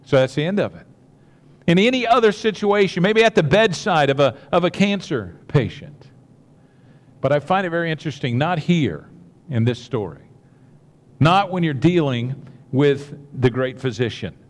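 A man's voice: fairly high pitch, expressive, normal speed, in a large hall. A man preaching a sermon, earnest and repetitive, with many restarts and direct asides to the congregation. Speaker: pastor.

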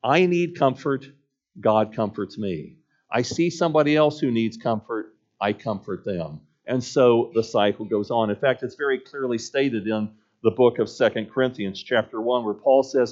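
A man's voice: medium pitch, normal speed, a little mellow. An earnest male pastor delivers a sermon in a middle-range voice, weaving a personal story into his message. He builds each point through rhythmic repetition. The recording sounds muffled and lo-fi.

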